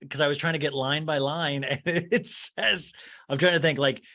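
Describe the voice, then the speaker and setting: A man's voice: fairly high pitch, steady tone, normal speed, bright, forceful tone. A man hosting a casual solo podcast, gossiping and laughing as he recaps, swearing freely and sarcastically mimicking the people he talks about. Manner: sarcastic, mimicking cast members in exaggerated voices. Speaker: podcast host.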